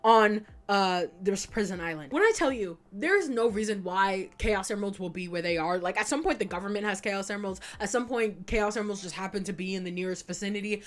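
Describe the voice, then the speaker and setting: A young woman giving a casual retrospective commentary, animated and emphatic, swearing freely as she talks. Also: medium pitch, brisk, hardly any pauses. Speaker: video essayist.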